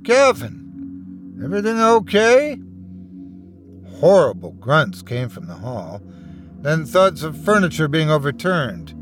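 A man narrating a horror tale with dramatic, suspenseful delivery, his pitch rising and falling in a very lively way. Faint music plays softly beneath his scripted storytelling. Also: a little slow. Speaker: horror podcast host and narrator.

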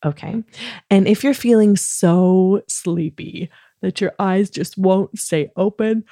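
A woman hosting a children's podcast, talking gently and soothingly at bedtime, coaxing listeners along with playful pretend yawns. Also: on the low side, vocal fry, no echo, studio quality. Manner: soft, soothing and encouraging, with playful drawn-out yawns. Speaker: kids podcast host.

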